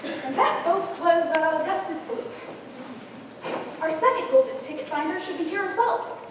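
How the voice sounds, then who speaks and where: Stage narrator: woman, very high voice, theatrical audience address, booming hall reverb. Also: lively intonation, normal speed. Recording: echoey hall from far off, noisy.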